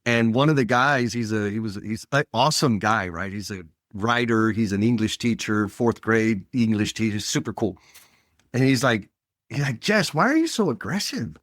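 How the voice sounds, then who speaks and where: A man's voice: on the low side, fairly even intonation, moderate pace, a bit bright, no echo, clean studio sound. A man hosting a podcast interview, telling stories in a blunt, emphatic way. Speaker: podcast host. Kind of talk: casual interview chat.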